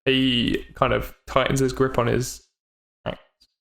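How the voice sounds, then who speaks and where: A man narrating a tabletop game as game master, halting and quick to laugh. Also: medium pitch, flat delivery, vocal fry, a bit bright, echoey room. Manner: halting, laughs often, uses fillers.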